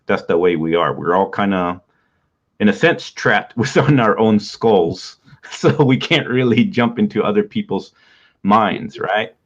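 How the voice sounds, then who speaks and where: Deep voiced guy teaching writing stuff, stuffy nose, kinda muffled lo-fi audio. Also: measured pace. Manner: relaxed, rambling, laughs often. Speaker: writing podcast host. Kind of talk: casual teaching talk. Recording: dull lo-fi sound.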